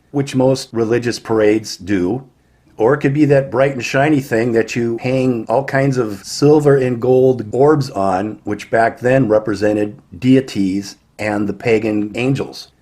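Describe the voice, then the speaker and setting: A man's voice: lowish voice, darkish tone, breathy edge. A man preaching a warning sermon, emphatic and firing rhetorical questions at his listeners.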